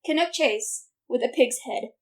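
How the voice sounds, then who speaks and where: A woman's voice: high-pitched, normal speed. A woman co-hosting a podcast, telling a local legend in playful, enthusiastic casual chat. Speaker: podcast co-host.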